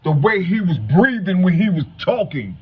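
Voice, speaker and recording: A man's voice: big pitch swings, moderate pace. Fifties guy from cincinnati, rambling and stuttering, cussing a lot, muffled lo-fi sound with faint hum. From Cincinnati, Ohio. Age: 50s. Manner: rambling, stuttering, repeats "you know what I'm saying"; salty street talk, heavy swearing. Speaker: vlogger. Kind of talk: casual monologue to viewers. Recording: dull low-fi home recording, faint hum.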